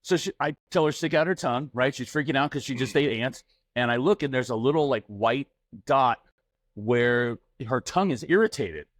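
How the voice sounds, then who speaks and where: A man's voice: mid-range voice, normal speed, no echo, studio quality. Middle-aged man telling a home story. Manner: anecdotal, acts out family dialogue. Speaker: podcast co-host. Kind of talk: casual chat, storytelling.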